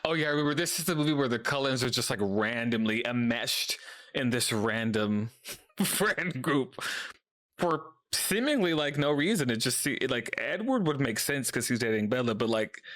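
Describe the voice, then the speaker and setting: A man hosting a casual reaction video, chatting and laughing as he mimics characters in quick asides. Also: mid-range voice, lively intonation, fairly bright tone.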